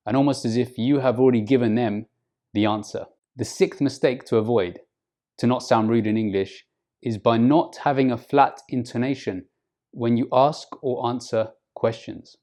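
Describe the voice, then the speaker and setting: Male English teacher, mid-pitched, measured delivery, demonstrates phrases with big intonation swings. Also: dark tone. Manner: slow, deliberate teaching, models phrases with exaggerated intonation. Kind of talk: online English lesson.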